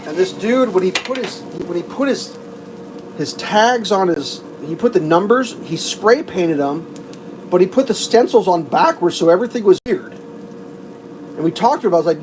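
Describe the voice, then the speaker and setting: A man with a slightly high voice, chatting casually and rambling through profane stories on a livestream. He swears freely and acts out the people in his stories. A faint hiss sits under the voice. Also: normal speed, darkish tone, rough recording. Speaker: livestream host. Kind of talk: casual live-stream chat.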